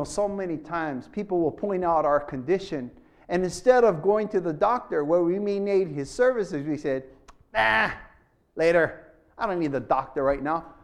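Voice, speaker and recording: A middle-aged man, a pastor, preaching a sermon and telling a story, swinging between loud declarations and hushed asides. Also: sits high.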